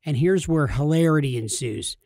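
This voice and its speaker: A man in his thirties, a podcast co-host, telling a funny story casually and jumping into high, shouty voices when he quotes people. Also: normal speed, no echo, studio quality.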